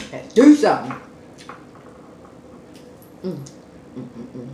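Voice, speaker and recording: Guy doing a mukbang, slow easy talk, lots of mm's, echoey room w faint noise. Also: medium pitch. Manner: slow, relaxed, lots of contented hums between bites. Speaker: mukbang eating vlogger. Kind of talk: casual eating show chat to viewers.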